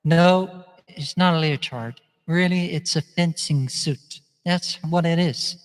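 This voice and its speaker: A man's voice: a little high, slow. A man vlogging in a chatty, meandering way, often laughing as he talks. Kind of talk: casual rambling monologue. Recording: long echoing reverb.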